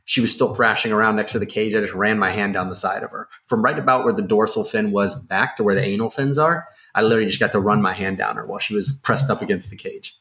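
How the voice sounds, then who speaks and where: A man with a fairly low voice tells a story on a podcast, eager and rambling, full of ums and restarts. The talk is casual and chatty, between friends. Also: fast, hardly any pauses. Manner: excitable, rambling, full of fillers. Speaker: podcast co-host.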